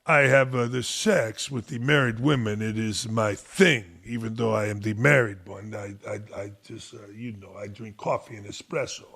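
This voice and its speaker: A boastful, crude French basketball star, as a man mocks him with a fake French accent, stammering and halting over every phrase. The voice drops lower and softer than the man's usual talk, with a gravelly, creaky edge. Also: fairly even intonation, heavily acted. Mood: mocking. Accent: put-on French. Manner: mocking.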